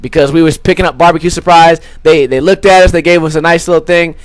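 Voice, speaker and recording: Young man, podcast host, high voice, crude swearing, rambling storytelling, dry close sound. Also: steady tone, fast talker, no room sound. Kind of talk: casual storytelling.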